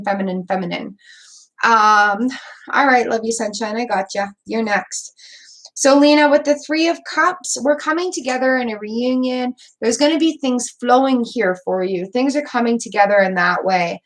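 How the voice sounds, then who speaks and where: A woman's voice: on the high side, fairly bright tone. A woman giving tarot card readings on a live stream, encouraging and chatty, repeating words and using fillers as she goes. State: hiccups. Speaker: tarot reader.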